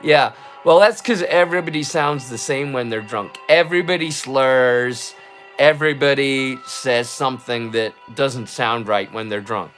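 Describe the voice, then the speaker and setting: A man's voice: medium pitch, measured pace, fairly bright tone, faint music behind. A man from Scotland hosting a livestream, drunk and rambling, swearing casually and putting himself down. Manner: rambling, swearing, self-deprecating. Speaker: livestream host.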